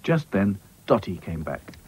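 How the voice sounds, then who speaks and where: A man narrating a children's cartoon in a gentle, unhurried storytelling manner. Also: low-pitched, big pitch swings, a little hiss or hum, poor audio.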